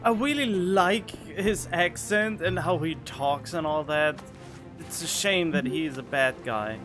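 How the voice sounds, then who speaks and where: A man's voice: fairly high pitch, a little slow. German-accented man chatting over gameplay. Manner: relaxed, chatty, self-deprecating. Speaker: streamer. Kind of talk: casual gameplay commentary. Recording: voice over game music.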